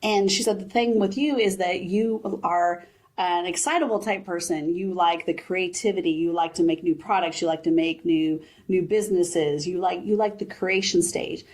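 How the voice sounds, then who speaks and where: A woman in her forties, a business founder, chatting in an interview and retelling advice in lively quoted voices. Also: fairly low pitch, moderate pace. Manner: animated storyteller, quotes her mother. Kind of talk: casual interview chat.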